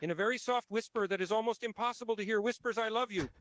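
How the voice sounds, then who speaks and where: A man's voice: sits high, fast talker, a bit bright, no echo. A man reading out story narration in a matter-of-fact way.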